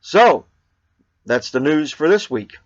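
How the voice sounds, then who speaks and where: A man's voice: fairly high pitch, very animated, slow, no room sound. Rambling man vlogger, dull dry sound. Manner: rambling, many fillers and restarts; gets loud and upbeat in the sign-off. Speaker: RV traveler and show host. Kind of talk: casual vlog chat.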